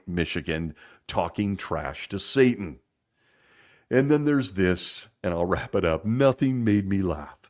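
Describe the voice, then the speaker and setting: A man hosting a casual monologue, making wry sarcastic asides and laughing as he talks, slowing down to stress points. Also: on the low side. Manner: laughs often while talking; lively and animated, slowing down for emphasis. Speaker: podcast host.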